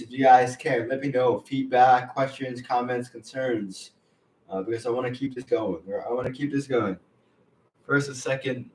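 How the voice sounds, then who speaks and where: Man hosting live stream, earnest, halting, teary, roomy sound, off-mic. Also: mid-range voice, far from the mic. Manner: earnest, halting, repeats himself. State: teary, emotional. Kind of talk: casual live stream chat.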